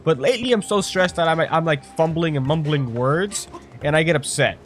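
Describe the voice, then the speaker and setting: A man in his twenties chatting casually while playing a game, rambling and profane, venting with sudden loud outbursts. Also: fairly high pitch, a little fast, slight background noise. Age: 20s. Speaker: gaming streamer. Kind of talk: casual gameplay chat.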